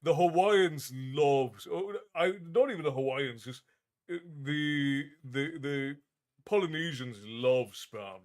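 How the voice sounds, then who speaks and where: A man's voice: on the high side, takes it slowly. A man hosting a livestream in a tavern-keeper persona, chatting casually and reading out viewer comments in a friendly, easygoing way with frequent restarts.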